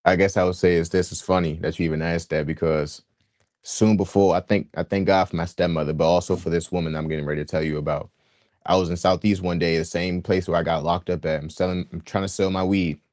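Deep-voiced young man telling his story. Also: fast, dry recording, clean studio sound. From Washington, D.C. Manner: earnest and animated, with street slang and frequent restarts. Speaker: guest sharing his testimony. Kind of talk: candid personal storytelling.

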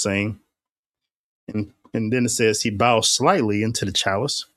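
A man's voice: fairly low pitch, steady tone, a bit bright, dry recording. A man reading the words of the Mass aloud and commenting on them in a critical, casual way. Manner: reads liturgy slowly and deliberately, then comments casually.

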